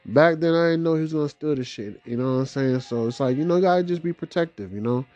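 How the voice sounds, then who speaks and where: A young man with a fairly high voice tells a casual story, full of street slang and cursing. His pitch swings widely, leaping up for disbelieving reactions. The sound is dry and close. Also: fast, no echo, highs cut off. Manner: animated, profane street slang, big rises in pitch for quoted reactions. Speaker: vlog host.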